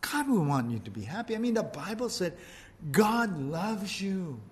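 A preacher putting on a sly, coaxing devil. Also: male voice, high voice, sing-song, unhurried, pitched above the performer's own voice. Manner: coaxing, wheedling, leaning on scripture. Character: sly tempting male devil, smooth persuader.

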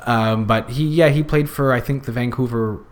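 A man's voice: mid-range voice, normal speed. Rambling man in casual podcast chat. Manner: rambling, many fillers and restarts. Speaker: podcast guest, youth circus worker.

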